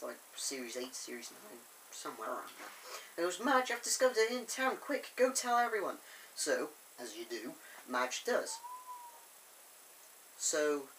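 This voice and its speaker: A chatty fan reviewer who rambles through the review with lots of "like" and "yeah". The voice has a middling pitch and quickly jumps from soft asides to loud bursts. There is a faint hiss under the home recording. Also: poor audio. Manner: enthusiastic, chatty, with many fillers. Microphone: camera on a tripod.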